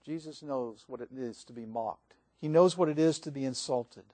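A male pastor preaching a sermon, reading scripture aloud and moving between swelling emphasis and hushed passages. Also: medium pitch, moderate pace, no echo.

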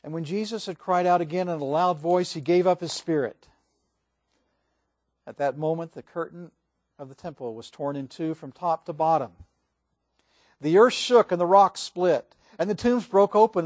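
Pastor guy preaching, kinda high voice, goes big then goes quiet, dry close mic. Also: moderate pace, dry recording. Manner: reads scripture aloud with swelling and hushed emphasis. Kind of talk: sermon.

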